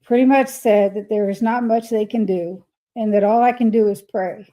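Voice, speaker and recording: A woman's voice: medium pitch, fairly even intonation, normal speed, poor audio. An older woman hosting a casual livestream, reading viewer comments aloud and replying to them in a chatty way. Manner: chatty, reads messages aloud and replies warmly. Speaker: livestream host.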